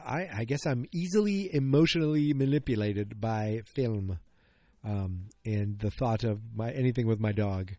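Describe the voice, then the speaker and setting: A man's voice: lowish voice, normal speed, dark tone, dry recording. Man, middle-aged, solo podcast host, casual rambling chat, dry close sound. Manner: rambling, self-interrupting, openly emotional.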